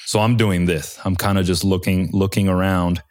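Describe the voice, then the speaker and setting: A man's voice: sits low, little pitch movement, moderate pace, darkish tone. A man, a helicopter pilot, telling war stories in a laid-back, slangy way with casual swearing. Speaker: Chinook helicopter pilot, guest.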